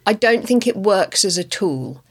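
A woman's voice: mid-range voice, lively intonation, unhurried, slightly rough. A woman in a casual book discussion, chatty and hedging, with lots of "like.".

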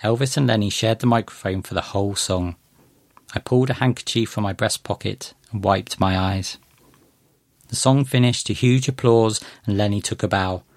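A man reading a first-person short story aloud in a gentle, measured way. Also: fairly low pitch, dry recording. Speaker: narrator.

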